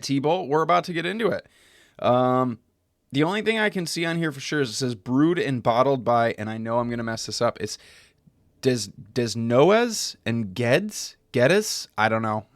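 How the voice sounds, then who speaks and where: A young American man chats loosely to his stream chat from a home setup, close on a desk microphone. His pitch sits in an ordinary middle range. The sound is dry and close, with no room echo. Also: fairly bright tone. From United States. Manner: loose, chatty, swearing, trails off and restarts. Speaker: streamer hosting a beer tasting stream. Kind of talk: casual chat to a live stream chat.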